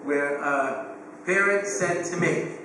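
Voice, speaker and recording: A man in his fifties, a rabbi lecturing parents, animated and joking, with quick asides, recorded from a distance in a large hall. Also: on the high side. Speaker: rabbi and speaker on education. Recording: echoey hall, distant mic, faint hum.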